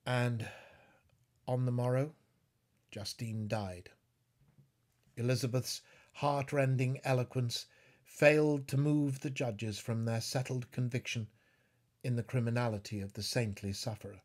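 A middle-aged man reads a classic novel in a grave, deliberate manner. He takes it slowly and sometimes rises to a fierce declamation. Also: medium pitch, fairly even intonation, darkish tone. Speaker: audiobook narrator. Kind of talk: dramatic literary reading.

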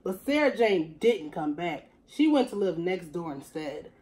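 A woman teacher reading a picture book aloud to young children in an expressive storytelling voice. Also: lowish voice, unhurried, low-quality recording.

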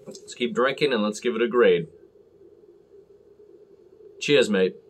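A man's voice: medium pitch, fairly quick, a little hiss or hum. A man talking casually and rambling as he reviews a beer on camera, full of fillers and self-deprecating asides.

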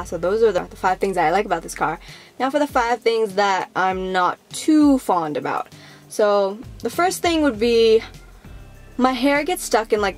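A young woman vlogging casually to the camera, rambling with lots of fillers and acting out how people reacted. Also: medium pitch.

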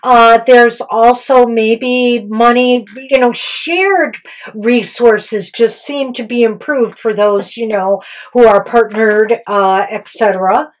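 Chatty higher-voiced woman reading tarot. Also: steady tone, slow, low-quality recording. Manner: chatty, loose, with many fillers and self-corrections. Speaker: tarot reader and co-host. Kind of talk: casual tarot reading chat.

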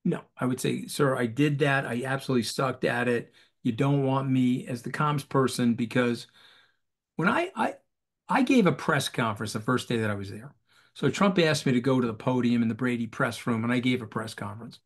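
A man talking as a guest in an animated interview over a video call, emphatic and rhetorical, repeating phrases for effect. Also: medium pitch, moderate pace.

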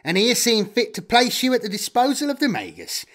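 A man's voice: extremely high pitch, huge pitch swings, brisk, fairly bright tone, pitched above the performer's own voice, exaggerated voice. A man playing a greedy, sardonic human data trader in an audio story. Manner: wheedling, sardonic.

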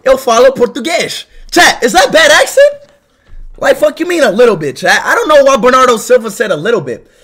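A young man live streaming, talking loudly and excitably to his chat and swearing often. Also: very high-pitched, fairly quick. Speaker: livestreamer.

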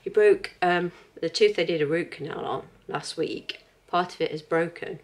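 A chatty woman in her thirties talks at home in a relaxed, rambling vlog. Her voice sits a little low, and she laughs easily between thoughts. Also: moderate pace. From England. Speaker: vlogger.

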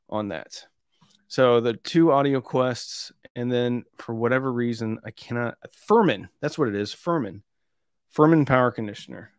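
A man's voice: mid-range voice, no echo, clean studio sound. A man hosting an audio gear live stream, chatting casually in a rambling, easygoing, self-deprecating way. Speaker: audio channel host.

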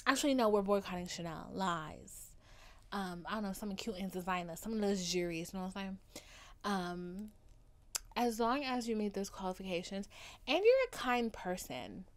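A woman hosting her own podcast in casual chat, overdramatic and playful, loopy and tired late at night, dropping to hushed asides and then rising to loud declarations. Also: mid-range voice, normal speed. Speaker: podcast host.

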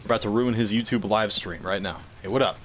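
A man streaming a game live, reacting loudly, swearing and shouting at opponents. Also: fairly low pitch, brisk, slight background noise. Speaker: gaming streamer. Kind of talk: live gameplay commentary.

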